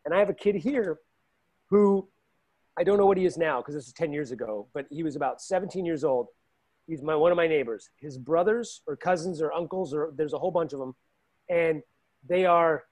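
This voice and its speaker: Man, high voice, animated storyteller, coach in a casual panel chat. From Los Angeles. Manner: animated, acts out quotes with raised pitch. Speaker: fight coach and show regular.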